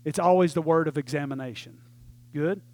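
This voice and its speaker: Male pastor, high-pitched, lively sermon delivery, dry recording. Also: a little fast, dry recording. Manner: animated preaching, swings from loud to hushed, talks to congregation. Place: church.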